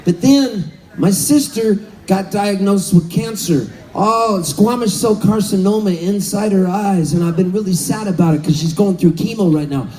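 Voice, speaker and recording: Animated, high-voiced man in his fifties. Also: moderate pace, low-quality recording. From Southern California. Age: 50s. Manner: animated, laughing, calling out to the crowd. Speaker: musician. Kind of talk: onstage storytelling between songs. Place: live concert stage.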